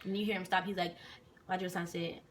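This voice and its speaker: A young woman telling a personal story in a casual, animated way, full of slang and swearing. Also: on the low side, quick pace, slight background noise.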